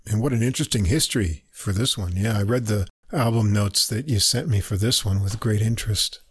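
A man co-hosting a casual music podcast, agreeable and quick to chime in. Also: on the low side, breathy edge, dry recording, studio quality. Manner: agreeable, brief affirmations. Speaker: podcast co-host. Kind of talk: casual chat about classical recordings.

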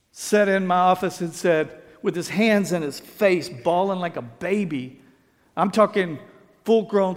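A man preaching a sermon as pastor, telling stories with acted-out quotes and playful asides. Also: sits high. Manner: animated storytelling, acts out quotes, playful asides. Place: church sanctuary. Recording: reverberant sanctuary sound.

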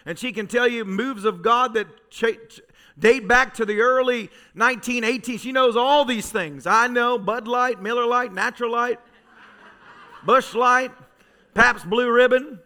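Pastor guy preaching in church, really high voice, fired up, gets quiet then yells. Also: a little slow. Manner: fervent, storytelling preacher who swings from soft to shouting. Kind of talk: sermon. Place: church sanctuary.

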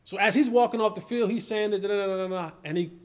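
A man hosting a podcast, telling a story in a lively, casual way and acting out quoted lines in different voices. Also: sits high, fast talker. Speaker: podcast host and former player. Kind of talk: animated storytelling in casual chat.

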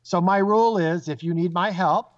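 A man whose voice sits high speaks at normal speed as a psychic guest, telling casual stories. He animatedly acts out the voices of the people involved, over dull lo-fi audio.

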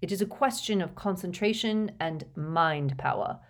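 Reading an audiobook, a woman takes on the role of a cold, sneering male professor with a fairly low pitch and light acting. Her delivery is slow, dismissive and cutting, full of cold disdain.

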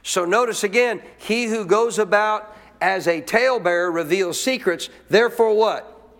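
A man with a notably high voice delivers a church sermon, punching his points with emphasis. He keeps throwing questions at the congregation and repeating key lines for them to take in. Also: normal speed, a bit bright. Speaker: preacher.

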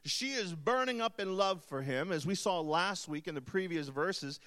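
A man's voice: high-pitched, animated, moderate pace, fairly bright tone. A man preaching a sermon to a live congregation, teasing the audience with jokes between his points. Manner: playful, joking asides to the audience. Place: church hall with an audience.

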